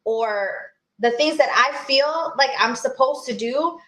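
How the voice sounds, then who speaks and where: A woman's voice: sits high, slow, fairly bright tone, roomy sound. A woman co-hosting a podcast over a video call, talking in an earnest, encouraging way and laughing easily. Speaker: podcast co-host. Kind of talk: casual chat.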